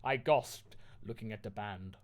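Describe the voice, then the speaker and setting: A man's voice: lowish voice, unhurried. A man from the United Kingdom reading bad fanfiction aloud in a mock-dramatic comic style. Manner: mock-dramatic, lively delivery.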